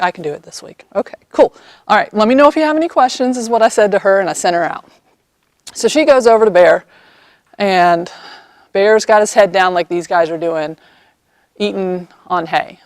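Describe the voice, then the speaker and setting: A woman equine therapy practitioner, an animated storyteller who acts out the people in her story, recorded outdoors by horses on a camera mic. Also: medium pitch, no echo. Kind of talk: storytelling vlog.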